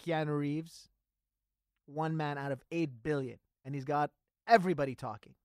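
A man's voice: a little high, steady tone, moderate pace, a little mellow, no echo, clean studio sound. A man co-hosting a podcast, debating in a playful, teasing way and laughing often. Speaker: podcast co-host. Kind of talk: casual comedic debate.

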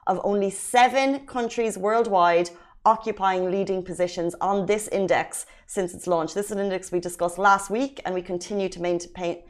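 A woman's voice: mid-range voice, steady tone, moderate pace. A woman from Ireland co-hosting a casual talk show, chatting, laughing and reading news stories. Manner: chatty, laughing, self-deprecating. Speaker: show host.

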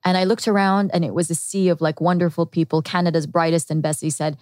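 A woman's voice: on the low side, flat delivery, fast, darkish tone, no echo, studio quality. Earnest woman telling her life story. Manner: earnest and reflective, with quoted inner thoughts. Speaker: podcast guest. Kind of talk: candid personal storytelling.

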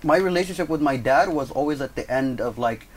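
A man's voice: mid-range voice, expressive, brisk. A man cohosting a podcast, telling a story in casual chat, acting out quotes and swearing freely.

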